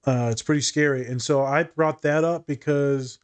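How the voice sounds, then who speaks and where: A man's voice: fairly high pitch, fairly even intonation, moderate pace, clear, resonant tone. A man co-hosting a casual discussion, speaking bluntly and candidly, swearing freely and thinking aloud with fillers and restarts. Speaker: podcast co-host.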